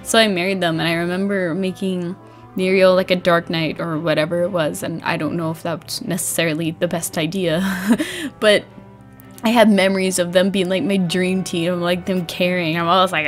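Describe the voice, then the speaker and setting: A young woman vlogger chatting casually about a game, bubbly and animated, laughing often and acting out her old reactions. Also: medium pitch, moderate pace, soft background music. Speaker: gaming vlogger. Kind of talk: casual chat.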